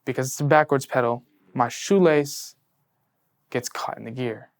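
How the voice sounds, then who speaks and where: Speaking at a moderate pace, a young man in his late teens who just finished high school recounts his spiritual journey during an interview. He's sincere and full of "like," moving back and forth between hushed and excited tones.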